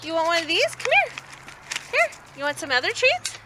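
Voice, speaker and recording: A woman's voice: very high-pitched, sing-song, quick pace. A woman who works at an animal shelter, filming outdoors on a phone and coaxing a dog with repeated commands and calls. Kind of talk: casual talk to a dog while filming. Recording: loud background noise outdoors.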